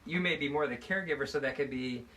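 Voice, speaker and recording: A man guest expert discussing mindfulness and parenting in a measured, agreeable conversational way. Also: medium pitch, pushed and bright, recorded from a distance. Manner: agreeable, affirms often, explains in a measured way. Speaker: guest expert on youth mental health. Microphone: video call.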